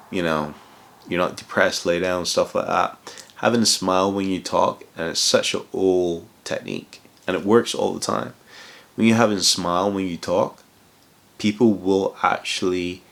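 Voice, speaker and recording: A man with a low, slightly bright voice and some vocal fry offers casual career advice as a consultant. Originally from outside England, he relocated there, and his talk wanders with lots of restarts and "you know".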